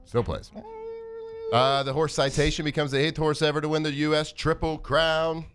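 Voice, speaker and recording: A man co-hosting a sports talk radio show, reading off trivia with playful, animated delivery. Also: fairly high pitch, moderate pace, music in the background. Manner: reads trivia list with playful old-timey voice bits. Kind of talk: casual sports radio banter.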